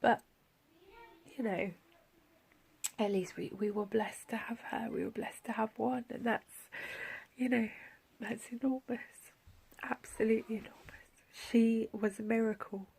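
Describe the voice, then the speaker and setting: A woman's voice: a little high, steady tone, unhurried, creaky, pauses often, husky. A woman talking tenderly in a personal vlog, her voice often sinking to a whisper as she reflects. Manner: soft-spoken, often drops to a whisper; heartfelt, tender. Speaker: vlogger.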